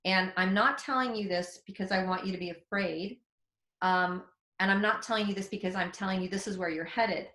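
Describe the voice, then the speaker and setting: A woman in her forties, a psychic development teacher, telling a story in a webinar in a casual, candid, animated way with mild swearing. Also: mid-range voice, brisk, roomy sound.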